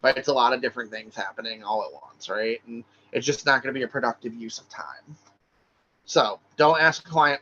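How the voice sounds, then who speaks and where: A man of middling pitch leads a recorded online class in a loose, chatty way, checking in with his listeners as he goes. The sound is a bit dull and lo-fi, like a computer mic on a video call. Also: moderate pace, pushed and bright. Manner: casual, chatty teaching with frequent "right?" and "like". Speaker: social work exam instructor.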